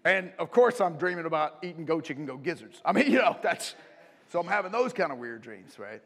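Animated pastor preaching in a reverberant hall. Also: male voice, a little high, a little fast. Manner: animated, storytelling, frequent "right?" asides. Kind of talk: sermon. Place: church auditorium.

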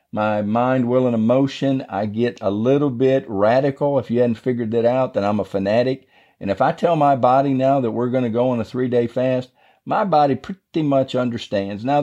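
A man's voice: mid-range voice, mellow, lo-fi sound. A man hosting a devotional podcast, teaching the Bible in a casual, folksy, rambling way.

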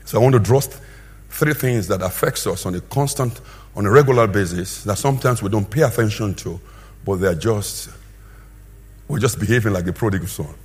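A man preaching a sermon with a husky voice, swinging between loud emphatic bursts and quieter asides. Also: on the low side, brisk.

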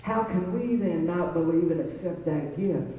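A man with a high-pitched, dark-toned voice delivers a sermon at normal speed, dramatizing the story as his voice rises and falls. The mic sits far off in an echoey hall.

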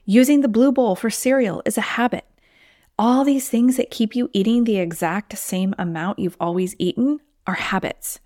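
A woman's voice: fairly high pitch, moderate pace, mellow, dry recording, studio quality. A woman hosting a solo podcast as a weight loss coach, talking in an encouraging, conversational way and sometimes acting out inner voices.

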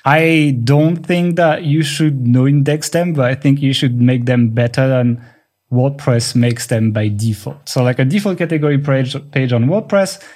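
A man's voice: medium pitch, normal speed, a little mellow. A man with a French accent, whose first language is French, co-hosting a podcast and explaining things in casual chat, thinking aloud with restarts. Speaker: podcast co-host.

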